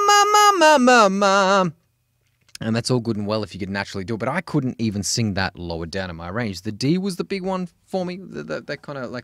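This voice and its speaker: A man's voice: lowish voice, dry recording, clean studio sound. A man in his forties, a vocal coach talking candidly and swearing freely in a casual lesson.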